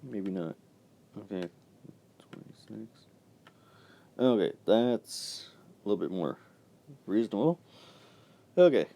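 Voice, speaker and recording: A young man telling a rambling story about his old job, halting and swearing when worked up. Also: on the low side, expressive, dark tone, slight background noise. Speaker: vlogger. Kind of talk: casual storytelling rant.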